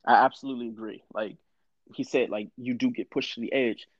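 A man in his thirties talks in a candid, profane storytelling way. The sound is dry and a bit dull. His pitch sits in an average range for a man. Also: fairly even intonation, fairly quick, no room sound. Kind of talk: casual conversation.

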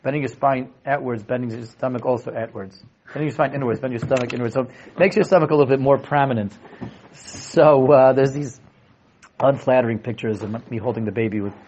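A young man teaching a lively Torah class, animated, often restarting his sentences and acting out quotes. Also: mid-range voice, brisk, a little hiss or hum. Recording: dull lo-fi classroom recording.

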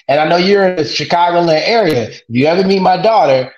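Dad guesting on a podcast, kinda high voice, pumped up motivational repeating stuff, echoey muffled audio. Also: male voice, quick pace. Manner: energetic and repetitive, like a motivational speaker. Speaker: podcast guest, father of two daughters. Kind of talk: casual podcast interview. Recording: echoey, dull lo-fi sound.

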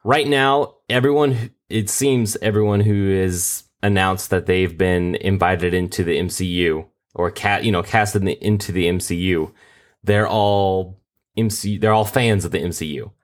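A man with a lowish voice co-hosts a casual podcast. He speaks haltingly and restarts his sentences as he works through his thoughts. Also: fairly even intonation. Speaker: podcast co-host. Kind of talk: casual chat.

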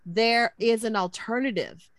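A woman speaks slowly and earnestly, opening up emotionally about her own experience with a close friend. Her voice sits close and dry, with no room around it. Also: fairly high pitch, no room sound. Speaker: podcast co-host. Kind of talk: candid personal storytelling.

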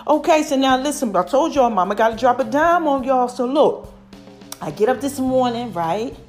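A high-pitched woman in her forties hosts her own podcast in a chatty, animated monologue. She talks straight to her listeners, calling them "y'all" and "baby". Faint music plays behind her voice. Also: moderate pace. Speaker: podcast host. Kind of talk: casual monologue.

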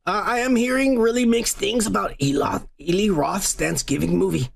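Gravelly, profane podcast host man. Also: sits high, normal speed. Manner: profane, boisterous, teasing. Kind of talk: casual crude banter.

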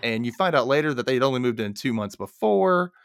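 A man's voice: medium pitch, fairly quick, gravelly, clean tone, dry recording, clean studio sound. Man retelling a movie plot animatedly. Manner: animated storyteller, acts out characters' lines. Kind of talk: casual movie review chat.

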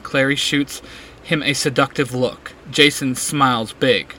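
A man reading a fan fiction story aloud in a plain, steady way with small slips. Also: medium pitch, measured pace, a little hiss or hum. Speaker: reader.

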